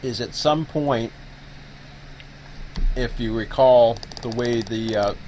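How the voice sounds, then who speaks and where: A man's voice: mid-range voice, takes it slowly, dark tone, slight background noise, poor audio. A man hosting a live stream who explains a setup casually, thinking aloud with plenty of fillers. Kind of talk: casual screen-share explanation.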